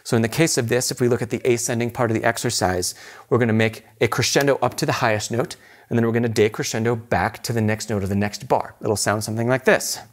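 A man's voice: medium pitch, fairly even intonation, fast talker. A man teaching an intermediate piano lesson, explaining patiently and encouragingly, often checking in with rhetorical questions.

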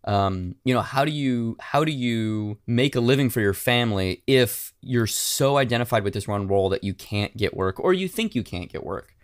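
A man's voice: medium pitch, animated, normal speed, few pauses, clean tone, dry recording, studio quality. A man co-hosting a podcast in casual chat, candid and swearing freely, with plenty of fillers. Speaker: podcast co-host.

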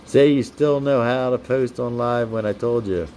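A young man hosting a casual live stream, reading out viewers' comments and names and giving them shout-outs in a chatty, upbeat way. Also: mid-range voice, moderate pace, a little hiss or hum. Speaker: livestream host.

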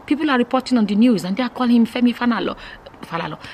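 Exasperated woman vlogger, fairly high voice. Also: rapid-fire, a little mellow, slight background noise, rough recording. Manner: exasperated, incredulous, emphatic. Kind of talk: casual opinion vlog.

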